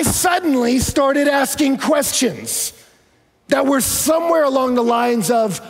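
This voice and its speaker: A man's voice: very high voice, sing-song, measured pace, long reverb tail. A man preaching a sermon as a pastor, telling a story in a conversational way with touches of humor.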